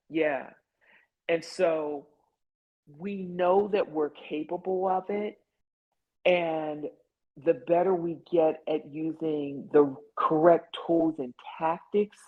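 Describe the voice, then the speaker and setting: A woman's voice: sits low, fairly even intonation, slow pace. A woman guiding an online support group, talking in an earnest, conversational way over a video call. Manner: conversational, earnest, lots of "like" and "you know". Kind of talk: guided online group session. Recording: dull lo-fi video call audio.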